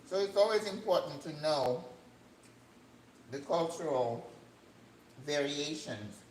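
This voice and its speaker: An older woman hosting a cooking channel, chatting casually as she cooks in her home kitchen, rambling and breaking into excited high notes. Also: takes it slowly. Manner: chatty, rambling, with sudden excited jumps in pitch. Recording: echoey room with faint background hum.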